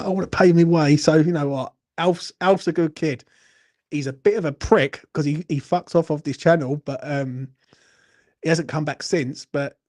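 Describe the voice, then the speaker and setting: Chatty, sweary bloke. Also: male voice, a little high, darkish tone. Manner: chatty, swears a lot, teases viewers. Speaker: football channel host. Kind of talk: casual live Q&A chat.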